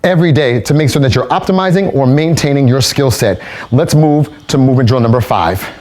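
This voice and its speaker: A man instructing kung fu movement drills, explaining steps calmly and barking out counts while demonstrating. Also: mid-range voice, a little fast.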